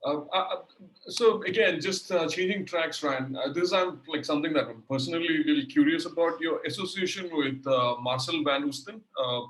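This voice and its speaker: A man's voice: on the high side, normal speed, fairly bright tone, roomy sound, poor audio. A man hosting an interview, asking questions hesitantly with many filler sounds. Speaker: host.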